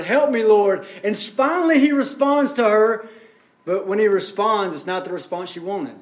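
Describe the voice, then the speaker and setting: In a roomy recording, a man with a high voice preaches as a pastor, building his sermon up and then easing it back down in intensity.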